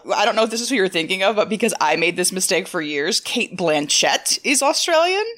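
A woman's voice: big pitch swings, brisk, a bit bright. A woman co-hosting a book podcast, chatting casually and playfully with lots of giggles. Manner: giggly, playful, swoops in pitch. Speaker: podcast co-host. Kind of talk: casual chat.

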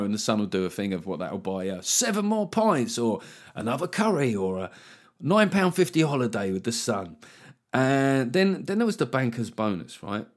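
Animated sweary man. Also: lowish voice. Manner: animated, sweary, mock-incredulous ranting. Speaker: podcast host. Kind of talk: solo comedic political podcast monologue.

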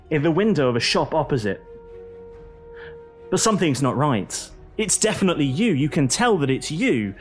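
A man running a tabletop role-playing game as game master, narrating scenes in a dramatic, descriptive way and repeating words for effect. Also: a little high.

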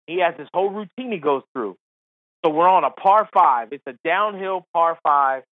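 A man, a golf commentator and former caddie, telling a comic story in an animated, quick way, laughing between lines. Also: a little high. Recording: phone-like line, dry.

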